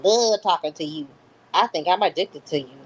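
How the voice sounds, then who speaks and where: A woman's voice: lowish voice, moderate pace, husky, rough recording. A woman voicing a lovesick adult woman texting her jailed lover, in an overwrought parody reading. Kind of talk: dramatic parody reading of text messages.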